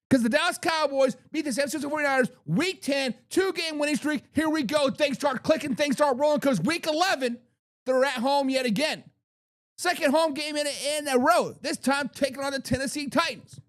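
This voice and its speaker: Brief: man, very high voice, brash football-talk host who hypes and trash-talks. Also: expressive, a little fast, fairly bright tone. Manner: hyped, trash-talking, repeats lines for emphasis. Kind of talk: animated sports predictions monologue.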